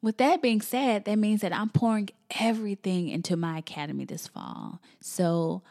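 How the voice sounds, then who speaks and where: Her voice is mid-range, gravelly and slightly mellow, at a normal speed. She's a thirtysomething podcast host and business coach recounting something personal in a talkative, emotional style, often calling her audience y'all.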